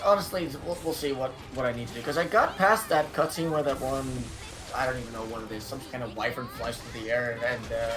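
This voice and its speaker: A man chatting casually on a voice call while gaming, rambling and unsure of names, laughing along. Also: fairly high pitch. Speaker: guest co-player. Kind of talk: casual chat over voice call.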